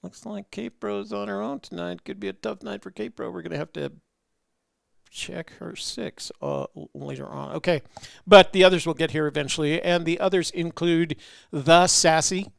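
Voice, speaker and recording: A man's voice: high-pitched, steady tone, moderate pace, gravelly, dry recording, studio quality. A man hosting a casual livestream chat. He rambles in a friendly way, with lots of fillers and restarts. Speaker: host.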